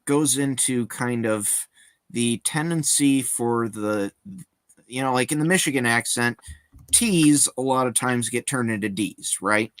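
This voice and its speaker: A man co-hosting an online talk show, explaining things patiently and haltingly. His voice sits at an average pitch and sounds close and dry, with no room around it. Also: a bit bright, clear, resonant tone, no echo. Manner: explanatory, hesitant, with fillers. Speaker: co-host. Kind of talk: casual chat.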